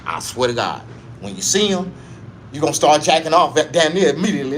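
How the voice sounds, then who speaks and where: A man spins a crude, profane story in a slightly high voice that dips to a low mutter and then leaps up into loud yelps. His delivery is loose and unscripted. A faint hiss of background noise sits under him. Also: animated, fast talker. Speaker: comedian. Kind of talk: raunchy comic storytelling.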